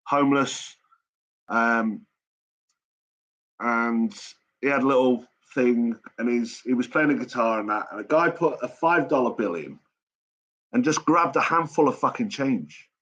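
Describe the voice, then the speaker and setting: A man's voice: mid-range voice, lively intonation, measured pace, fairly bright tone. A man hosting a live chat stream, talking casually in a blunt, sweary and rambling way. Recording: dull lo-fi stream audio.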